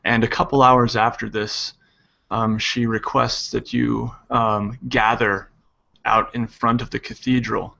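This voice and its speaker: Gravelly guy gm-ing a tabletop game, slow and halting, lots of ums, muffled call audio. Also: medium pitch, level tone, bright, forceful tone. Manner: halting, with many ums and restarts. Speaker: game master.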